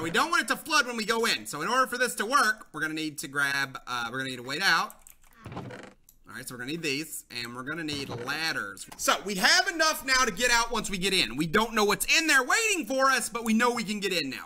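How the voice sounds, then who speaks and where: Young male gamer, high and very bright voice, excitable commentary with yelps, faint background hiss. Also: fast. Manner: excitable, yells and mutters to viewers, repeats himself. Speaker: gaming channel host. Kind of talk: let's play commentary.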